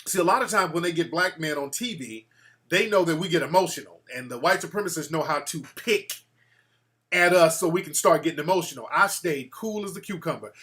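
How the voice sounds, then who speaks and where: A man hosting a call-in show, telling stories in a boastful, animated way and acting out quotes. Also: on the high side, brisk. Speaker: show host taking calls.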